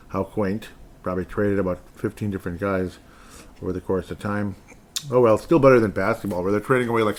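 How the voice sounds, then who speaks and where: Sarcastic rambling hockey podcast host, man. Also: on the low side. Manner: sarcastic, rambling, self-deprecating asides. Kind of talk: sarcastic solo hockey commentary.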